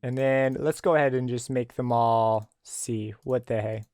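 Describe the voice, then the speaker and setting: A man giving a relaxed, screen-recorded tutorial on a synthesizer plugin, explaining as he tweaks settings. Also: medium pitch, unhurried, soft background music. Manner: relaxed explanatory, thinking aloud with fillers. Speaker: music production tutor.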